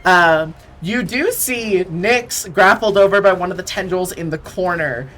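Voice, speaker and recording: Slow, low-voiced woman game master. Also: fairly bright tone. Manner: unhurried, with frequent ums and uhs. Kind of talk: narrating a tabletop game over voice chat.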